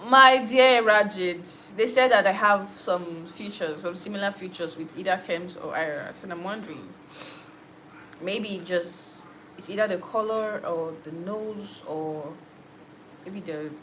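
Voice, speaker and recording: Noise fills the background as a young woman with a mid-range voice runs her livestream. She's a musician and host who chats easily with viewers, answering comments and laughing frequently.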